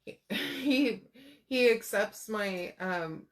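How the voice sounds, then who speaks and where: A woman's voice: mid-range voice, expressive, drawn-out words. A woman in her thirties chatting casually while crafting, telling rambling personal stories with lots of fillers. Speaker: crafter vlogger.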